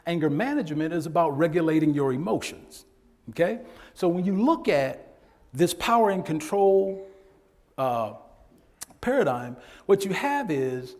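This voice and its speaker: Man presenting a workshop, animated and chatty, slightly high voice with a lively swing, echoey hall. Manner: animated, conversational, laughs often. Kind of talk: lecture with storytelling.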